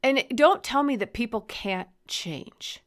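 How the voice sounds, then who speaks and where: A woman hosting her own podcast, rambling and swearing, moving from flat musing into heated ranting. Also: on the high side, takes it slowly. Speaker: podcast host. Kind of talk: solo podcast rant.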